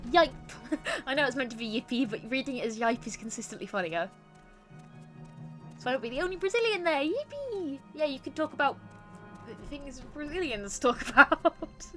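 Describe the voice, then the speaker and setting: A woman's voice: high-pitched, expressive, a little fast. Chatty woman streaming a game. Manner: chatty, reads chat aloud, laughs often. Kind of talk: casual gaming stream chat. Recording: streamed with loud game music.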